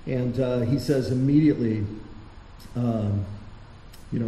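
A man's voice: medium pitch, a little slow, pauses often, mellow. A man preaching a sermon in a conversational way, asking his listeners rhetorical questions in a church hall. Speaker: pastor. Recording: roomy hall echo, faint noise.

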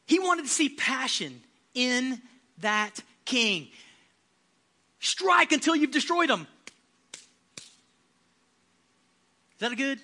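High bright-voiced male preacher. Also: big pitch swings, slow, long pauses. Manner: passionate, rising to shouts. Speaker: pastor. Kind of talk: sermon.

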